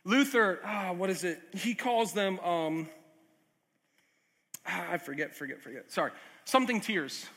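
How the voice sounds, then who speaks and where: A pastor delivers a sermon to his congregation, earnest and chatty, pausing for asides and small jokes. His very high voice rings bright and sharp at a measured pace with long pauses, and the church hall adds a long reverb.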